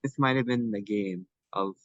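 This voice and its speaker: A man's voice: on the low side, moderate pace, a bit bright, no room sound, lo-fi sound. A young man co-hosting a casual sports podcast, talking in a chatty way with many fillers and restarts. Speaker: podcast co-host.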